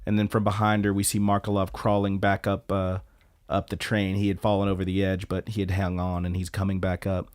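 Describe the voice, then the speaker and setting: A man's voice: deep voice, completely flat delivery, a little fast. A man co-hosting a podcast, casually retelling an anime episode with fillers and quoted lines. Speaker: podcast co-host. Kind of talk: casual chat recapping an anime.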